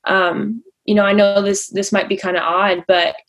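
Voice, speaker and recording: A young woman hosting a podcast tells a personal story about her faith, speaking straight to her listeners. She talks in a loose, chatty way, full of "like" and "um", and acts out the lines of the people in it. Her pitch sits in a middle range for a woman. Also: level tone, moderate pace, fairly bright tone. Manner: chatty, many likes and fillers, acts out quoted lines. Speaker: pageant coach and podcast host.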